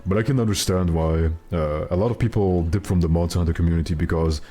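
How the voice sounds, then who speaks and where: Very deep-voiced young man streaming. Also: steady tone, quick pace, dark tone, slightly rough. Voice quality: naturally very deep voice. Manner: rambling, joking, profane, many fillers. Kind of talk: casual game-stream chat.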